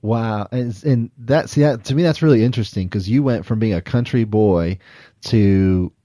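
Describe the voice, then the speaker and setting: A man's voice: lowish voice, moderate pace, mellow, no room sound, studio quality. A man hosting a podcast, talking enthusiastically with lots of "uh" fillers and frequent laughs. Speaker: podcast host. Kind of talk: podcast intro and interview.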